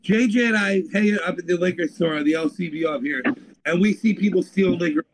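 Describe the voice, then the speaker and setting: A man's voice: high-pitched, fast, low-quality recording. A man from Canada hosting a podcast, telling stories in casual, profane banter. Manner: profane, animated storyteller.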